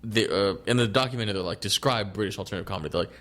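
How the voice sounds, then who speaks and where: A man's voice: lowish voice, racing, fairly bright tone. Rambling, profane male podcast co-host. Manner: rambling and profane, with frequent restarts and laughter. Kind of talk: casual chat.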